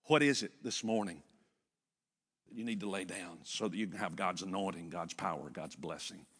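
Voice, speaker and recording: An older man preaching a sermon as pastor, retelling a story with lively repetition. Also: low voice, normal speed, breathy edge, in a large hall. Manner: animated storytelling with repeated phrases. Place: church.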